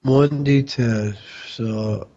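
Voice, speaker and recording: A man playing in an online tabletop game, calmly talking through his dice rolls. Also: mid-range voice, very slow, muffled recording. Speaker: player. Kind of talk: casual game chat.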